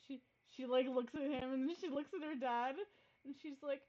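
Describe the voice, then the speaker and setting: Woman player, giggly, high-pitched, dull recording. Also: steady tone, normal speed, darkish tone. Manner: giggly, chatty. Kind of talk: casual tabletop play.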